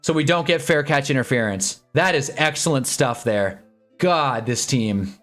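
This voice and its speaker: A young man casually reacting to live football games on a stream, swinging from low muttering to excited yelling at big plays. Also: moderate pace, soft background music. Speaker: sports streamer. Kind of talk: live football watch-along commentary. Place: home streaming room with green screen.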